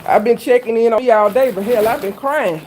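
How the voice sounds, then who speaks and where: A woman's voice: on the high side, a little fast, a little mellow, slight background noise. Woman host, chatty and folksy with viewers, casual live-stream talk. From Louisiana. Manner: chatty and folksy, heavy Southern slang. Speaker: cooking channel host.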